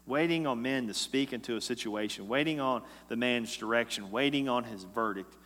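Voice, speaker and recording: Pastor mit hellem Klang im halligen Kirchenraum. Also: male voice, mid-range voice. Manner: swings from hushed, slow lines to loud, emphatic repetition. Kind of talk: sermon. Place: church sanctuary. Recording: long reverb of a large hall.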